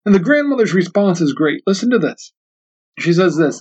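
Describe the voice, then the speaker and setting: A man hosts a book discussion podcast with Christian reflections. He talks earnestly and often repeats a phrase as he thinks. His voice sits a little high, and the recording is dull and lo-fi. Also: big pitch swings, normal speed, darkish tone. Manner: earnest, repeats himself while thinking aloud. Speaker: podcast host. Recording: dull lo-fi sound.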